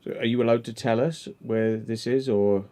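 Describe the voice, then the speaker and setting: A man's voice: mid-range voice, steady tone, moderate pace, warm tone. A man hosting a casual livestream chat, telling stories in a rambling way full of fillers. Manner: rambling storyteller, many fillers. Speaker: livestream host.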